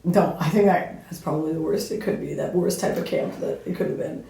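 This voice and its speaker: A woman guest, the host's sister, chatting casually, teasing and reacting with quick jokes. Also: fairly low pitch, steady tone, vocal fry, warm tone, roomy sound. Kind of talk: casual chat.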